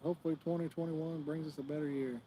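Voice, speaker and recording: A man's voice: a little high, level tone, fast, mellow, slight background noise. Chatty man on a fishing stream. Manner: chatty, joking, rambling. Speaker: fishing channel host. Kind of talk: casual live-stream chat. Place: outdoors at a fishing spot.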